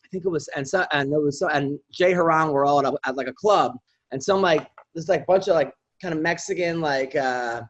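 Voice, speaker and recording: Man, high voice, profane animated storyteller, dull lo-fi sound. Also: brisk. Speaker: podcast guest comedian. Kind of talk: casual storytelling chat. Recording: dull lo-fi audio.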